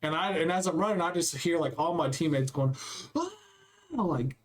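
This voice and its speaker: Casting: young adult man, slightly high voice, animated storyteller on a casual podcast. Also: brisk. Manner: animated storyteller acting out quotes. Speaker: podcast co-host. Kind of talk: casual chat.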